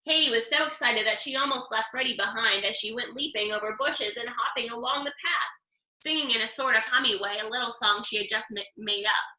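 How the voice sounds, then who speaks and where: A woman reading a picture book aloud with lively, expressive storytelling. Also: fairly high pitch, fairly quick, echoey room, poor audio. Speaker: storybook reader.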